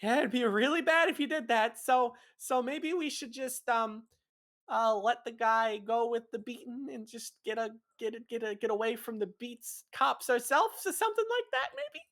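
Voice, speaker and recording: A woman's voice: a little high, expressive, normal speed, a bit bright, pitched above the performer's own voice. A man voicing a timid young woman courier who hesitates and fills her speech with ums and you-knows. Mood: hesitant.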